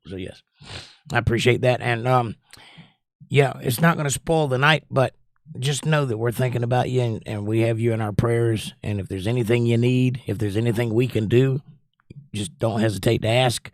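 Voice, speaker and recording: A man with a medium-pitched, steady voice hosts a casual livestream at a fairly quick pace. The studio-quality audio has no room sound. He's chatty, reading viewer comments aloud and rambling in between.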